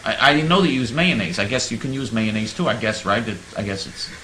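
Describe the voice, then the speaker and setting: Bright animated man in an echoey room. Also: lowish voice, fast talker, a little hiss or hum. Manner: mock-naive sarcastic storytelling. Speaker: radio host. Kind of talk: sarcastic talk radio monologue.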